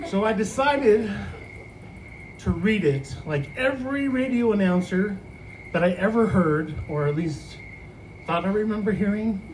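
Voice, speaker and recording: Guy telling a story on a podcast, pretty high voice, animated, laughs a lot, faint noise under it. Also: unhurried, low-quality recording. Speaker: student affairs house advisor.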